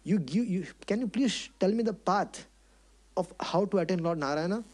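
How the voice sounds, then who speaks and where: A man's voice: high-pitched, lively intonation, moderate pace, darkish tone. A man voicing a determined five-year-old boy in a retold scripture story, speaking eagerly and earnestly.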